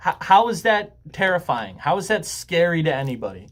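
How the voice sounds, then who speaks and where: A young YouTuber talks casually to camera, laid-back yet very animated, rambling and joking with frequent ums and some swearing. His voice is on the high side, fairly quick, with a fairly bright tone.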